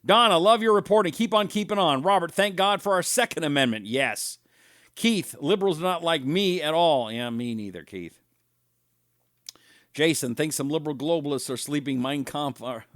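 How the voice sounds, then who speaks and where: A middle-aged man hosting a talk show, reading viewer comments aloud in a casual, animated, mocking way. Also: on the high side, no echo, studio quality. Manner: animated, mocking, mimics voices.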